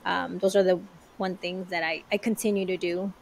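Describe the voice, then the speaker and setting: A woman's voice: lowish voice, little pitch movement, moderate pace, vocal fry, slight background noise, low-quality recording. A woman co-hosting a podcast, chatting casually and laughing easily. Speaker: podcast co-host. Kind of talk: casual conversation.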